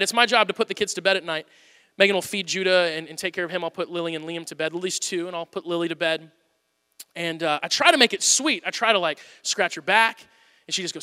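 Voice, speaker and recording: A man in his thirties preaching a sermon, telling family stories with animated swings from loud to hushed. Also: sits high, brisk, in a large hall. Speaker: pastor.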